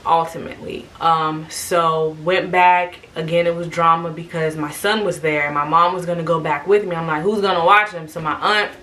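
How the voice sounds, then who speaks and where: A woman telling her birth story to camera in a casual, animated way, acting out what people said. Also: low-pitched, normal speed, hardly any pauses.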